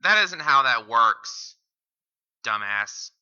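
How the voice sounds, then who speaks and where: Angry sweary guy yelling at a video, really bright tone, muffled cheap mic. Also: medium pitch, sing-song, slow, clean tone. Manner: heckling, insulting, swears constantly. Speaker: commentary host reacting to a video. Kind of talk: profane reaction commentary. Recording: dull lo-fi mic.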